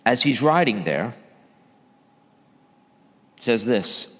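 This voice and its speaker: A man, a church elder, preaching a sermon, swinging between loud emphatic bursts and low quiet asides. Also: big pitch swings, slow pace, in a large hall.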